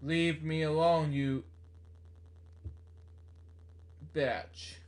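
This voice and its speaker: A man voicing a burly former football player who stammers and yells while cursing. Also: mid-range voice, slow pace. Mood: yelling. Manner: yelling, stammering.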